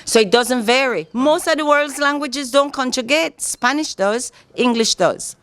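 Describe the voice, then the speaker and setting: A woman with a Belizean Kriol accent and a high, slightly bright voice speaks at a measured pace, explaining things as a guest educator in a casual interview. She's teacherly, often checking that the listener follows with "all right?", and there is no echo.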